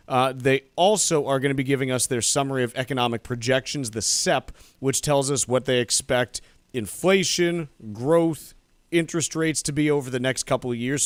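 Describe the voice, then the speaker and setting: A man's voice: medium pitch, normal speed, no echo. Dry-humored male radio co-host. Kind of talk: casual market news chat.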